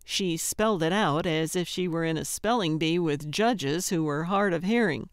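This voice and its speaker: A woman narrating a cozy mystery audiobook in an even, measured way. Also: fairly low pitch, clean tone, no room sound, clean studio sound.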